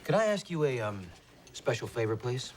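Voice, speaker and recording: A man's voice: mid-range voice, sing-song, moderate pace, a little mellow, slight background noise, lightly acted. A man acting a bumbling, evasive boyfriend in a sitcom.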